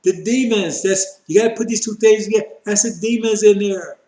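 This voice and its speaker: A man's voice: high-pitched, fairly quick, mellow, echoey room. A man preaching a fiery sermon on scripture, repeating his points emphatically and addressing listeners as brothers. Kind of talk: fiery street-style sermon.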